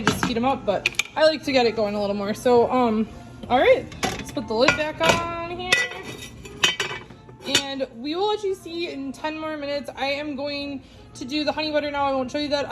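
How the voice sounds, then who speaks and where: A middle-aged woman chatting casually to viewers while cooking in her home kitchen. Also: high voice. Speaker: cooking vlogger.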